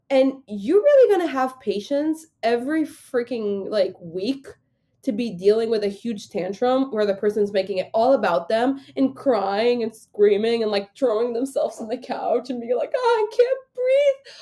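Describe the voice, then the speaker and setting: A woman speaking as a podcast guest in a casual interview, halting and full of fillers and restarts. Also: fairly high pitch, dark tone.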